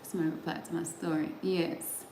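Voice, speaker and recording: A middle-aged woman hosts a livestream, chatting casually and directly with her viewers and laughing often. Her fairly low, mellow voice stays fairly flat in pitch and moves at a fairly quick pace, in a roomy space with faint background noise.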